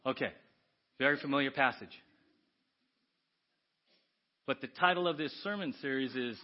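A man preaching a sermon as pastor, animated, swinging from hushed asides to loud exclamations. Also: mid-range voice, normal speed, long pauses, dull audio. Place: church sanctuary.

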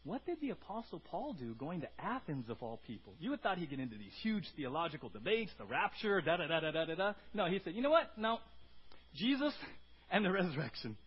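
A pastor giving a conversational sermon, often tagging points with "right?" and moving between loud emphasis and quiet asides. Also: male voice, on the high side, big pitch swings, fast, hardly any pauses, husky, muffled recording.

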